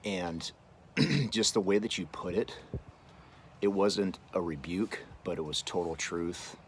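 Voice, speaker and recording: A man with a very deep voice records a warm birthday video for a close friend. He speaks earnestly, haltingly, and often restarts his words. A faint hiss runs under the recording. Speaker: friend giving a birthday message. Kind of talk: heartfelt video message.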